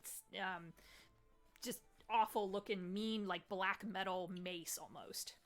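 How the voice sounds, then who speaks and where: A woman's voice: mid-range voice, steady tone, takes it slowly. A woman running a tabletop game as game master, describing scenes in a chatty, descriptive way with many fillers.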